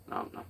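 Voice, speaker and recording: A man's voice: pushed and bright, recorded from a distance. A man hosting a podcast, delivering a rambling, blunt, profane comedic monologue. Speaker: podcast host.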